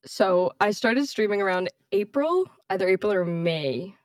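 A woman's voice: mid-range voice, animated, normal speed, no room sound, clean studio sound. A young woman, a college student guest, chatting loosely with frequent laughs and casual swearing. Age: young adult. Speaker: guest streamer. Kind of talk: casual chat.

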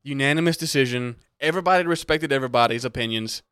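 A man's voice: mid-range voice, quick pace, clear, resonant tone, dry recording. A young man hosting a podcast in casual chat, teasing and swearing freely. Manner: teasing, profane, animated. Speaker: podcast host.

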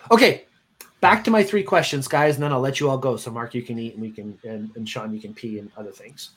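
This is a podcast host with a mid-range voice and a quick pace. He keeps the chat casual and laid-back, cracking jokes and putting questions to his guests.

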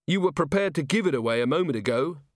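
A polite, earnest young watchman, voiced by a male reader, who sounds a touch higher than the narration and carries a lively lift in his lines. He is courteous and by the book, recorded dry and close for an audiobook. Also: fast, no echo, close to an everyday voice. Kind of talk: audiobook character voice.

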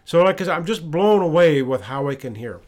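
A man's voice: a little high, lively intonation, fairly quick, a little mellow. A man hosting a podcast, casually telling a personal story and retelling conversations, often restarting and repeating words. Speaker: podcast host. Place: lives in Ottawa.

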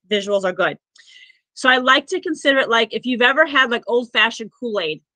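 Bright-voiced woman healer on a podcast. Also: on the high side, no echo, poor audio. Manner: rambling and earnest, with many "like" fillers and restarts. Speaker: Akashic records practitioner and healer, podcast guest. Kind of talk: conversational podcast storytelling.

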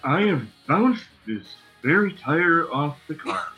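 A man's voice: a little high, animated, gravelly, sharp tone, slightly rough, highs cut off, soft background music, voice pushed up, full character voice. A man voicing a cursed raccoon racer in a put-on Dutch Borat voice. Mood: flippant. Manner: slow, heavy put-on accent.

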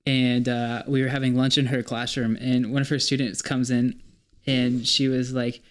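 A young man from North Carolina hosting a loose, casual podcast chat. He tells crude, rambling stories and mimics the people in them. His voice sits at an ordinary pitch for a man. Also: level tone, normal speed, smooth. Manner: crude storytelling, acts out quotes. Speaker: podcast co-host.

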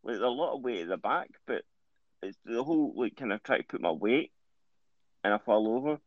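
A man's voice: medium pitch, brisk, no echo, muffled recording. A Scottish man co-hosting a casual podcast, chatting and joking. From Scotland. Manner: jokey, chatty, lively. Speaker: podcast co-host.

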